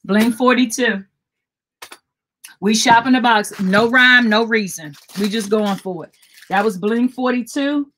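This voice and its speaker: Older woman, live-stream jewelry host, chatty and repetitive, somewhat high voice. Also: unhurried, fairly bright tone, a little hiss or hum. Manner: chatty, repeats item codes, greets viewers by name.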